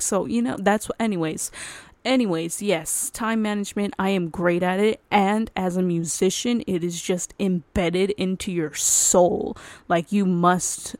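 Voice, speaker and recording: A woman's voice: medium pitch, darkish tone, no echo. A young adult woman hosting her solo podcast in casual chat, rambling, cutting herself off and laughing often. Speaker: podcast host.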